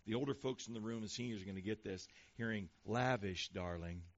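A man preaching a sermon to a congregation, reading scripture slowly and with stress on each phrase. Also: fairly low pitch. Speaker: pastor. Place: church before a congregation. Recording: dull lo-fi sound.

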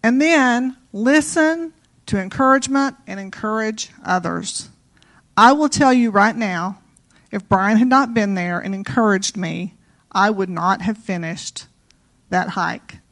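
A woman's voice: medium pitch, a little slow, fairly bright tone. A middle-aged woman giving an informal, conversational sermon, full of personal stories and "you know" asides. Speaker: preacher.

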